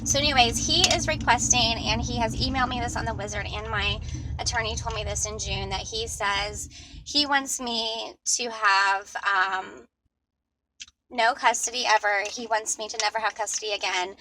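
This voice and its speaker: A woman's voice: mid-range voice, steady tone, moderate pace, sharp tone, a little hiss or hum, rough recording. A woman recording a personal vlog in her car, talking in an upset, rambling way with many restarts. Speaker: mother in a custody dispute. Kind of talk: personal vlog while driving.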